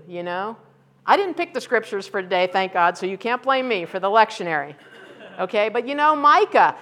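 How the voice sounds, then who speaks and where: A woman's voice: medium pitch, fairly bright tone. A middle-aged woman pastor preaching a conversational, candid sermon that rises to fervent emphasis.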